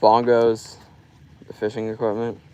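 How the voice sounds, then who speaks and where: Chatting on a fishing live stream outdoors by a river, a young man from Florida rambles loosely and leans heavily on "like." His lowish, warm voice is completely flat and a little slow. The recording is low quality, with slight background noise.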